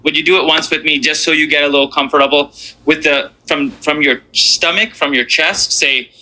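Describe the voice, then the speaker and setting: A man teaching a beginners' Quran reading lesson, encouraging and drilling each letter sound slowly. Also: a little high, steady tone, sharp tone, poor audio.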